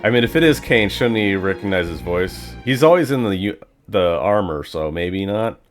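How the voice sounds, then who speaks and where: A man's voice: on the low side, animated, moderate pace, soft background music. A man giving casual, rambling commentary while playing a video game, thinking aloud with plenty of fillers. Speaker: gaming channel host.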